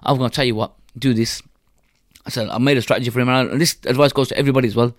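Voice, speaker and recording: A man's voice: medium pitch, steady tone, very fast. A man telling a story and giving advice in an emphatic, repetitive way, full of street slang.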